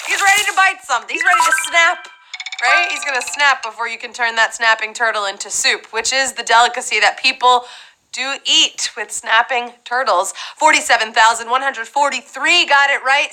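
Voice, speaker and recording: A young woman hosting a live trivia game show, playful and chatty with quick asides. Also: sits high, lively intonation, bright, forceful tone, a little hiss or hum, low-quality recording.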